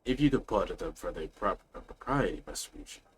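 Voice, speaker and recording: A man's voice: sits low, expressive, brisk, a bit bright, slight background noise, poor audio. A man voicing a stern, commanding elderly nobleman, reading formally with some stumbles.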